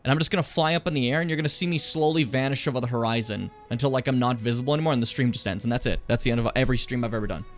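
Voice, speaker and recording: A man's voice: medium pitch, rapid-fire, few pauses, soft background music. A young man hosting his own gaming stream from home, chatting casually with swearing and self-mocking asides. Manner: rambling, self-mocking, frequent swearing and fillers.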